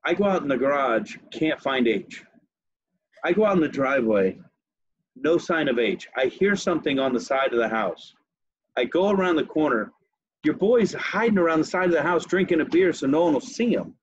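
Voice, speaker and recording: A man's voice: on the high side, normal speed, breathy edge, no room sound, dull audio. A man hosting a podcast, telling a long story in casual chat with laughs. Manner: animated, laughs while telling stories. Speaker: podcast host.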